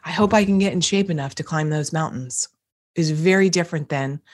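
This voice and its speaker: A woman's voice: low voice, fairly quick. A middle-aged woman hosting a motivational podcast, talking emphatically and acting out example phrases. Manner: energetic, emphatic, acts out phrases. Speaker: podcast host, coach.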